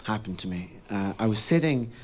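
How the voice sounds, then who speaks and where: A man with an Irish accent does stand-up in a comedy club, his voice on the low side and lively in intonation, moving a little fast. He tells wry, self-mocking stories and swears casually. The live club recording is very noisy, with the audience laughing.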